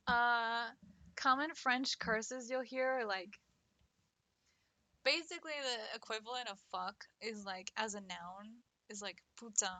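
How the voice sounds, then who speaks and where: A woman's voice: fairly high pitch, slow pace, pauses often, a bit bright, dry recording. A young adult woman streamer chatting casually with viewers, playful and teasing, laughing often. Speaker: art streamer. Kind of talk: casual livestream chat.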